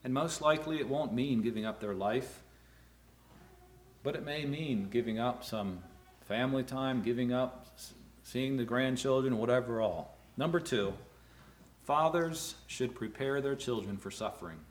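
A middle-aged man preaching a sermon to fathers, earnest, rising loud on key words and dropping low. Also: moderate pace. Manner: earnest, rises loud for emphasis then drops low. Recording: echoey room.

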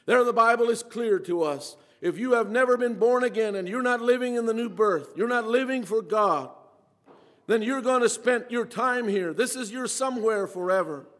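Male preacher, high voice, earnest delivery with repeated phrases, long reverb. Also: normal speed, a bit bright. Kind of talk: sermon.

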